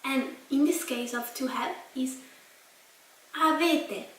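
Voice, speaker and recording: A young Italian woman with an Italian accent, teaching a language lesson slowly and carefully, repeating each word. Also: high-pitched. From Italy. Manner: spells out and repeats words slowly. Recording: echoey room, mic at a distance.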